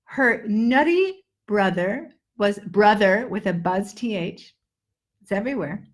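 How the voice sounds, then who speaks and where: A woman's voice: medium pitch, expressive, slow pace. A woman teaching English pronunciation in a live online lesson, joking between drills and exaggerating sounds to show the difference. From Netherlands-based. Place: home, indoors.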